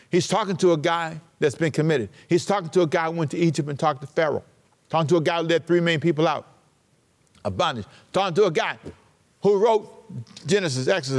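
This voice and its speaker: A man preaching a sermon, slowing to read scripture and rising sharply in pitch for emphasis. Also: big-room sound. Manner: preaching with dramatic pauses and sudden rises in pitch; slows down to read scripture aloud. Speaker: pastor.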